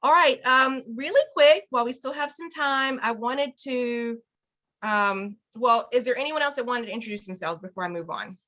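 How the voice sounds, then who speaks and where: A woman's voice: fairly high pitch, normal speed, sharp tone. A woman teaching an online Spanish class to parents, cheerful and encouraging, laughing often over a video call.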